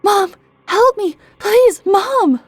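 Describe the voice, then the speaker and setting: A woman voicing a frightened young child who shouts and pleads in a shrill, panicked way. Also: normal speed, slightly rough, dry recording. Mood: terrified.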